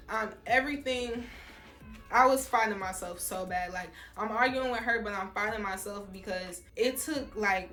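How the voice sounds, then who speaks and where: A woman's voice: medium pitch, fairly bright tone, echoey room. Heated woman venting in a storytime vlog. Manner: heated, emphatic, repeats herself, addresses viewers as y'all. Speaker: vlogger telling a story. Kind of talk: storytime vlog, casual and profane.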